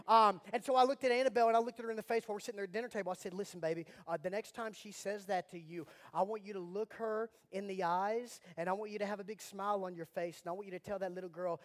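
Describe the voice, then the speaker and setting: Animated pastor, high voice. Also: male voice. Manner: animated storytelling, mock outrage, swings from soft prayer to loud. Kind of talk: sermon.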